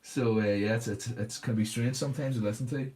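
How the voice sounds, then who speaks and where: A man's voice: mid-range voice, steady tone, fairly quick, dark tone. A man hosting a casual livestream, chatting and answering viewers' comments while he paints a model.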